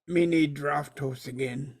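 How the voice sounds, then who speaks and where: A slow-witted brute, as a man puts him on, dragging out each broken phrase in a gravelly, husky drawl. Talks about himself as "me" and speaks fairly high for a big oaf. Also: no echo, studio quality. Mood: plaintive. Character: dim-witted brutish man, slow and simple-minded.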